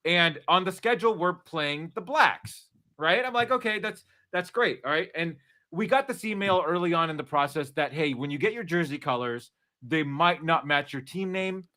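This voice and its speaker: A man in a casual chat, telling animated stories and acting out the people in them. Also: a little high, moderate pace. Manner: animated storyteller, acts out quotes.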